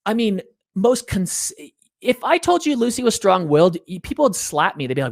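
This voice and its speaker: Middle-aged man, earnest interview guest, very lively pitch, dry close sound. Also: normal speed, vocal fry, no room sound. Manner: earnest, animated, drops low to make a point. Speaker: interview guest, parenting author. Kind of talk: animated storytelling in an interview.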